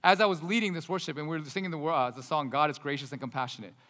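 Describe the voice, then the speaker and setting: A man preaching a sermon as a pastor, telling stories and swelling loud before dropping to a hushed voice. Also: a little high, rapid-fire. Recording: long hall reverb.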